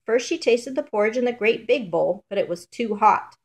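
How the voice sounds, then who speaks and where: A woman's voice: fairly high pitch, animated. Woman reading a fairy tale aloud. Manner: measured, rhythmic storybook reading. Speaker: storyteller.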